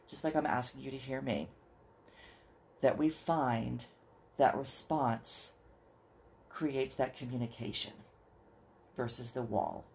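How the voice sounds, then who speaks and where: A podcast host talking straight to listeners in an earnest, encouraging way, slowing down to spell things out. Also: medium pitch, darkish tone, slight background noise. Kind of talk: solo podcast talk to listeners.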